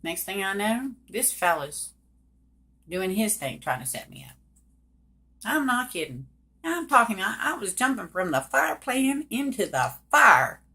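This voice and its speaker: A woman's voice: medium pitch, big pitch swings, a little slow, sharp tone. A woman casually telling a personal story in a folksy, colloquial way, speaking straight to her listeners. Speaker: storyteller recounting her own life.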